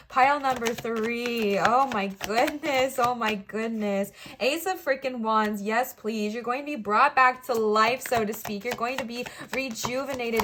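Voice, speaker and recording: A young woman reads tarot cards for her viewers, her voice sitting a little high. She is warm-hearted and emotional, encouraging the listener and calling them bestie. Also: background noise. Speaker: tarot reader. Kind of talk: tarot reading.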